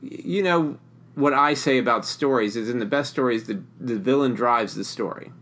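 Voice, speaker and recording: A man's voice: medium pitch, moderate pace, a bit bright. A man co-hosting a casual movie chat, rambling and restarting his sentences. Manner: rambling, restarts a lot, laughs often. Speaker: podcast co-host.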